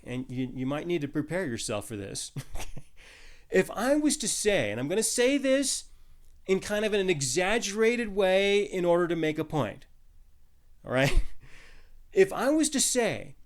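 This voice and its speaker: A man's voice: sits high, very animated, unhurried. A man preaching a Bible teaching, talking loosely with many restarts and little laughs at his own jokes. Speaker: pastor. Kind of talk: sermon.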